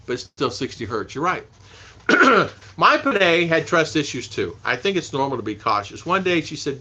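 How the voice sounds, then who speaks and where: A man's voice: mid-range voice, very animated, normal speed, sharp tone, breathy edge. A man hosting a casual live stream, chatting with viewers, reading their names aloud and laughing often. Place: home in the Philippines.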